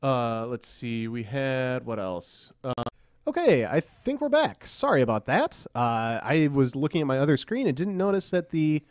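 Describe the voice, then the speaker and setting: A man's voice: medium pitch, sing-song, moderate pace, no echo, clean studio sound. A man hosting a livestream, reading viewer questions in an easygoing way and laughing often. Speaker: stream host. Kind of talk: casual livestream chat.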